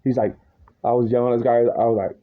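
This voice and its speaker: A worked-up man rants to the camera in a long, rambling monologue, swearing freely and tossing in slang as he circles back over his point. His voice sits in an ordinary middle pitch. The audio is dull and a little lo-fi. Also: level tone, fast talker. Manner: agitated, profane, rambling with slang asides.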